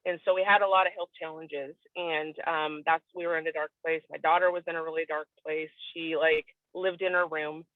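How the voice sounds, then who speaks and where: A woman's voice: low-pitched, flat delivery, brisk, few pauses, no room sound. Earnest woman on a tinny phone line. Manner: earnest, candid, tearing up at times. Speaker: guest sharing a testimonial. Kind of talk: emotional personal testimony on a video call.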